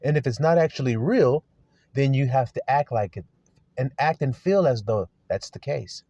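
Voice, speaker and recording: A man's voice: mid-range voice, lively intonation, moderate pace, warm tone, dry recording. A man preaching a sermon to his flock, asking pointed rhetorical questions in an earnest manner. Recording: dull lo-fi recording.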